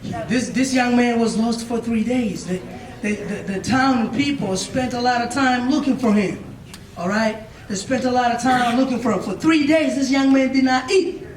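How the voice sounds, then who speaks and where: Man, motivational speaker, very high voice, emphatic and repetitive, echoey room, mic far off. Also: moderate pace. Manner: emphatic, repetitive, asks listeners questions. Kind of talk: storytelling speech to young listeners.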